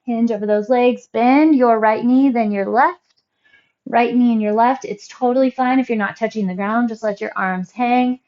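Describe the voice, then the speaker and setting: A woman fitness instructor calmly cueing moves and counting reps through a workout class. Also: a little high, normal speed, muffled recording. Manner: calm, encouraging cues and counting reps.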